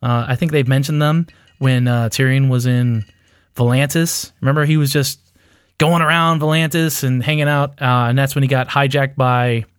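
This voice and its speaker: A man's voice: mid-range voice, steady tone, moderate pace, clear, resonant tone, dry recording, studio quality. A man co-hosting a casual chat, rambling through a theory with lots of fillers and self-mocking laughs. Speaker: podcast co-host.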